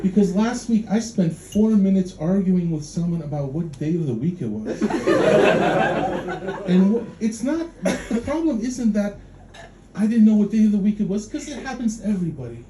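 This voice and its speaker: A man's voice: high voice, expressive, moderate pace, mellow. Self-mocking stand-up man in echoey club. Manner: rambling, self-mocking, stammering restarts. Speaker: stand-up comedian. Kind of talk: stand-up comedy set. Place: comedy club stage before a live audience. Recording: echoey club room with faint noise.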